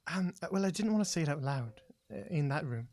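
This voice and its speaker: A man voicing a cautious woman who speaks low and haltingly, in a tabletop game. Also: expressive, darkish tone, dry recording, natural voice. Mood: hushed. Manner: hesitant, halting, lowers her voice. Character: cautious woman innkeeper, hushed and discreet.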